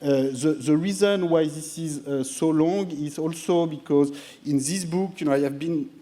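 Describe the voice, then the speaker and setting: A man with a French accent giving a public lecture in a theatre, hesitant and self-deprecating, filling pauses with "you know". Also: a little high, warm tone. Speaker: guest lecturer.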